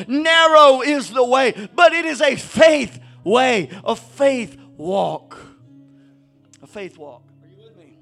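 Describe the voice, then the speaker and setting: A man preaching a sermon to a church congregation, swinging between shouted exhortation and low conversational asides. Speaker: pastor.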